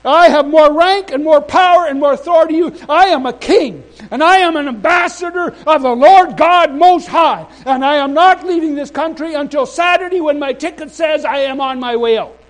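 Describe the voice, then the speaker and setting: A defiant male minister who will not back down, bold and insistent, as a preacher acts him out in a sermon story. He speaks in a very high voice and hammers his points home with emphasis. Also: steady tone, fast talker.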